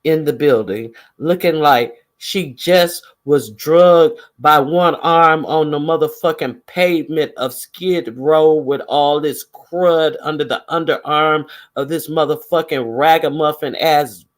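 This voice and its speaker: A man giving casual gossip commentary in a profane, sarcastic, animated way. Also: fairly high pitch, measured pace, hardly any pauses. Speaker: vlogger.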